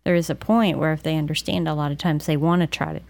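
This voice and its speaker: Low-voiced woman in casual chat. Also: steady tone, quick pace, gravelly, a little mellow. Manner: conversational, supportive, frequent agreeing murmurs. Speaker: podcast co-host.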